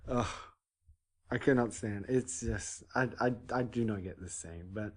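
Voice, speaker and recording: A man co-hosting a podcast, talking casually and emphatically, often breaking off and restarting his sentences. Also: on the low side. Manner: opinionated, emphatic, halting restarts. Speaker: podcast co-host. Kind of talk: casual chat.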